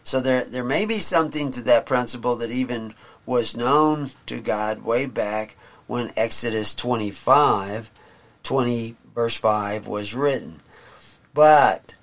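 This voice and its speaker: A man teaching from the Bible, reading verses slowly and solemnly and then explaining them in plain talk. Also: medium pitch, a bit bright.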